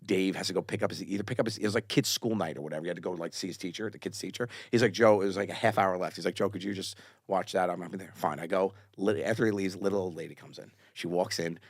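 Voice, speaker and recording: A man's voice: sits low, quick pace, dry recording, studio quality. A man, a comedian guest on a podcast, telling stories in casual chat and acting out the voices of people in them. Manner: animated storyteller acting out quoted dialogue. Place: podcast studio. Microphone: studio mic.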